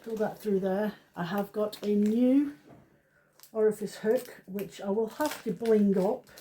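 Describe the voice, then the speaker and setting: A woman's voice: medium pitch, a little slow, warm tone, slight background noise, poor audio. A woman running a craft demonstration, chatting through each step in a casual, self-deprecating way. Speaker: craft shop owner demonstrating.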